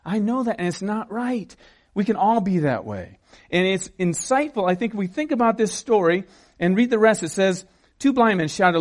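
High-voiced animated male preacher. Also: moderate pace. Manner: animated preaching, acting out scenes and shouting quotes. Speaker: pastor. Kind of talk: sermon.

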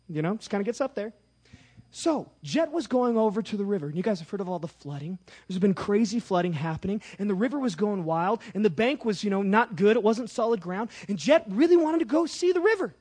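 A male preacher in his thirties with a very high, husky voice. He talks in a lively, sing-song way, dropping to near-whispers and then rising to shouts as he tells a story from the pulpit. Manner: animated, swings from hushed to shouting. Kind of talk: sermon with personal story.

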